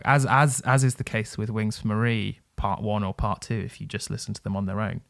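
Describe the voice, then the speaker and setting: A man's voice: fairly low pitch, steady tone, normal speed, creaky, few pauses, no echo, clean studio sound. A man co-hosting a music podcast, talking in a nerdy, enthusiastic way with frequent fillers. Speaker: podcast co-host. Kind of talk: casual music review chat.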